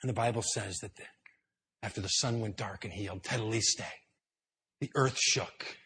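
A man preaching a sermon in a church hall, telling the story with drama and dropping to hushed tones before building up louder. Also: lowish voice, fairly quick. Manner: dramatic storytelling, swinging between hushed and loud. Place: indoor church hall with high ceiling.

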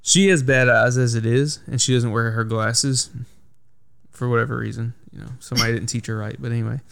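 A man's voice: medium pitch, steady tone, fairly quick, gravelly, a bit bright, clean tone. A young man chats casually on a podcast, spinning a long anecdote. He rambles, leans on "like" constantly, and swears freely. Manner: rambling storytelling with frequent "like" and swearing. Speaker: podcast host. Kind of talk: casual chat.

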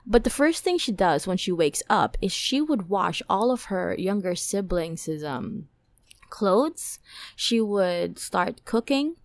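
A woman's voice: medium pitch, sing-song, takes it slowly, no echo. Chatty woman podcast host, dry sound. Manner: chatty, many fillers, emotional retelling. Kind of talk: casual storytelling monologue.

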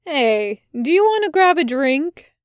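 Sardonic male demon, drawling and teasing, read by a woman, dry close sound, slightly high. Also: animated, slow pace, clear, resonant tone, no echo. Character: wry sardonic male demon, laid-back.

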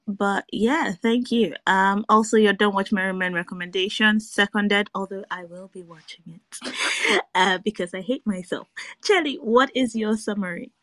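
A woman's voice: mid-range voice, fairly bright tone, no room sound. A woman hosting a casual film-review panel, laughing often and teasing her guests. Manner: laughs a lot, teasing and quick. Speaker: podcast host.

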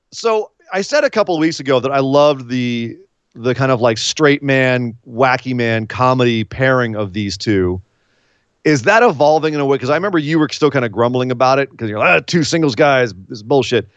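A man's voice: mid-range voice, expressive, normal speed, no room sound, muffled recording. A man co-hosting a wrestling podcast, recapping the week's show in a casual, chatty way with little laughs.

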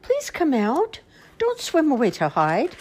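Woman voicing a high, eager little bunny. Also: huge pitch swings, unhurried, a little mellow, exaggerated voice. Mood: pleading. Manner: high pleading calls, bouncy and hopeful. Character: small eager young male bunny seeking friends. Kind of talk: storybook read-aloud.

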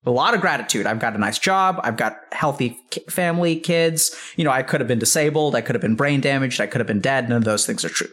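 A man in his thirties talks casually and tells a hospital story, his voice sitting at an ordinary middle pitch. He rambles, fills every pause with "like" and swears without holding back. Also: animated, a bit bright. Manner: rambling, heavy use of "like", swears freely. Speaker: psychiatrist, podcast guest.

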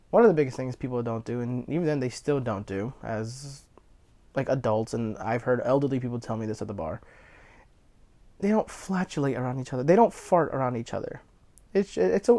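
Young guy, slightly high voice, loose profane storyteller who wanders and backtracks. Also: darkish tone. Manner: rambling, swears freely, self-correcting. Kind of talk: casual anecdote telling.

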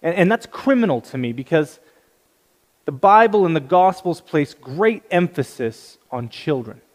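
Male preacher, slightly high voice, anecdotal sermon with gentle humor, long hall reverb. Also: lively intonation, unhurried. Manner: storytelling with light humor. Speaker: pastor.

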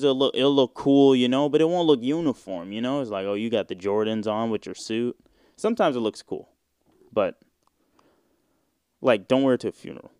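A man's voice: medium pitch, darkish tone, smooth, no echo, studio quality. A man in his twenties hosting a casual solo podcast, rambling in slang with plenty of fillers and swearing. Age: 20s. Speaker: podcast host.

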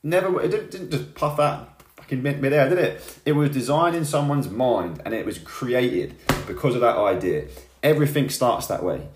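A man's voice: medium pitch, moderate pace, background noise. A man giving a fired-up motivational talk, tagging his lines with "yeah?" and "right?". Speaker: motivational vlogger. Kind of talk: motivational monologue to camera. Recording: echoey room.

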